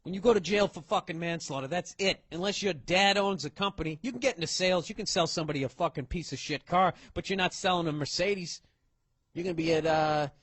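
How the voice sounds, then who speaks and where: A man performs stand-up on stage, telling a profane story loud and fast with plenty of swearing. His voice sits high and husky, and it is picked up by a stage microphone with a dry, close sound. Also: dry recording. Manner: loud, swearing, acts out characters. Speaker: stand-up comedian.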